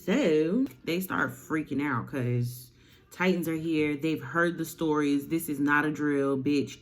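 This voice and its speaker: A woman vlogger retelling a story in an animated, slangy way, cursing for laughs. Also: sits low, measured pace.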